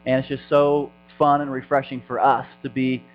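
A man's voice: mid-range voice, level tone, normal speed. A man from Indiana who pastors a church, speaking as a guest at a church service with self-mocking humor and lots of ums. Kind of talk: casual sermon talk. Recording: dull sound with faint mains hum.

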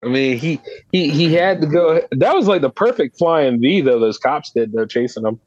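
A man tossing dry, sarcastic asides into loose podcast banter, his voice fairly high and lively in pitch. The recording is dull and lo-fi, close and dry, with little room around it. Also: moderate pace, no echo. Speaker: comedy podcast panelist. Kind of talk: casual comedic banter.

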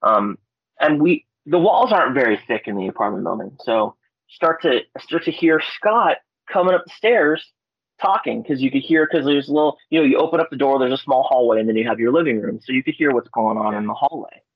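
A man from Alaska, a podcast guest, telling ghost stories in a casual way, with lots of fillers and animated quotes. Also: a little fast, breathy edge, no room sound. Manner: animated, acts out quotes with loud high-pitched voices; laid-back, frequent fillers and swearing. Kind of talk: casual storytelling. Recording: dull lo-fi podcast audio.

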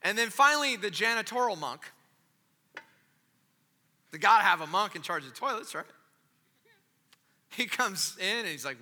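High, bright-voiced preacher in a reverberant hall. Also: male voice, expressive, normal speed, pauses often. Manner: swings from loud storytelling to quiet, intimate asides; casual, joking delivery with slang and restarts. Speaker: pastor. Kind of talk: sermon.

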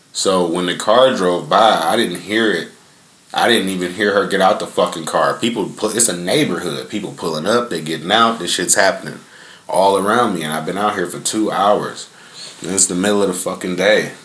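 Young guy on a podcast, real low voice, cussing a lot and rambling, echoey sound. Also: a bit bright. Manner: laid-back, profane, rambling with many fillers. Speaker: podcast host. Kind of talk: casual storytelling. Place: outdoors in a front yard.

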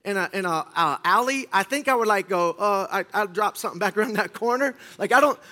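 A middle-aged man preaching to a church congregation. He tells a story in an animated, self-mocking way, acts out what others said, and slips in deadpan jokes. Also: high voice, a little fast. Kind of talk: storytelling sermon. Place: church stage before a congregation.

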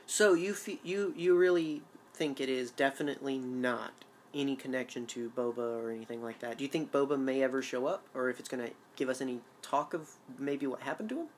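A man's voice: medium pitch, brisk, a little hiss or hum. A man co-hosting a casual fan chat, eager and rambling with lots of restarts. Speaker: show co-host.

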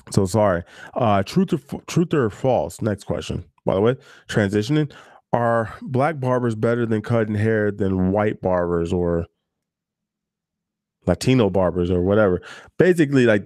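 A barber gives loose, candid advice straight to the camera, with plenty of fillers and asides. His voice is fairly low and darkish, recorded dry with studio quality.

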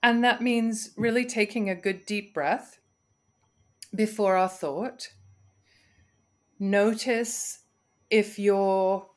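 A woman, a communication coach guesting on a podcast, speaking in a measured, instructive way with deliberate breaths and pauses. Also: mid-range voice.

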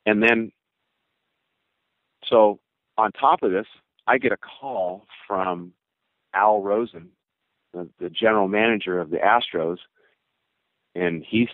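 An older man, a former baseball pitcher, telling a long story in a rambling way, with restarts and quoted voices of others. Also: unhurried, long pauses, dry recording. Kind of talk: casual spoken storytelling. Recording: narrow phone-like dry sound.

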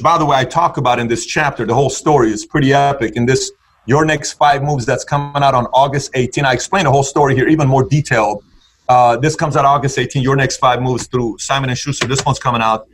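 A man with a medium pitch talks a little fast as a guest on a podcast, over slight background noise. Telling his personal story with animation and emphasis, he acts out other people's lines in varying tones.

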